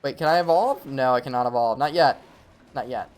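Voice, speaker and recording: A man commentating his own live gameplay stream, talking to himself and the game with quick reactions. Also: mid-range voice, soft background music.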